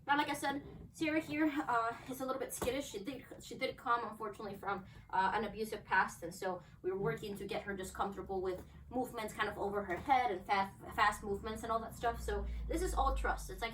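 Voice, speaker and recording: At home, a woman who trains dogs explains a demonstration and praises her dogs in upbeat bursts. Her voice is fairly high, fast and fairly bright. She sounds distant from the mic, with faint background noise.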